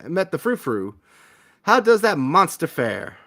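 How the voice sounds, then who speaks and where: A man voicing a pampered female dog that talks like a Southern belle, in a high sugary drawl. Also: sing-song, measured pace, a bit bright, exaggerated voice. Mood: sweet, haughty. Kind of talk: reading a visual novel aloud with voices.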